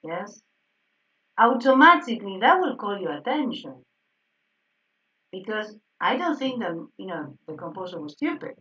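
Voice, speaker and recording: In an online group lesson, a woman piano teacher with a medium-pitched voice explains harmony exercises. She checks in often with "yes?" and soft laughs, and the call audio sounds slightly dull and distant.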